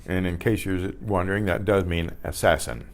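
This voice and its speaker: Teaching Spanish to beginners, a man with a low voice and steady tone goes slowly through each word, repeating it over and over before spelling it. Every so often he clears his throat.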